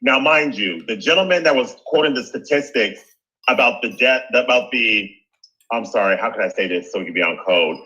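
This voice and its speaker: A man's voice: mid-range voice, brisk, sharp tone, muffled recording. A man calling into a talk show, angry, indignant and profane. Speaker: caller.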